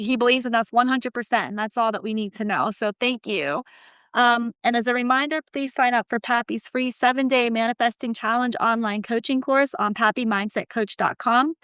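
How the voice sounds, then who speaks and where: A woman with a fairly high, smooth and clear voice gives upbeat closing announcements as a podcast co-host. The sound is dry and close. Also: fairly bright tone, dry recording.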